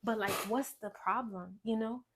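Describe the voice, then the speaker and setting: A young woman giving a personal testimony in conversation, earnest and storytelling, often dropping to a quiet voice. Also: steady tone, moderate pace, slight background noise. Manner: earnest, storytelling, drops to quiet low voice when recounting. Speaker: guest sharing testimony.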